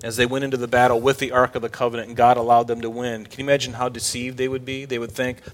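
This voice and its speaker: A man's voice: medium pitch, little pitch movement, fast talker, hardly any pauses. A male pastor preaching a sermon in an emphatic way, often asking his listeners rhetorical questions.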